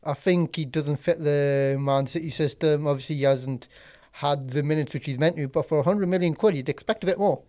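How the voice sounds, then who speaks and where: A man co-hosting a casual football podcast, blunt and excitable, firing off quick guesses. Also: a little high. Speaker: podcast co-host.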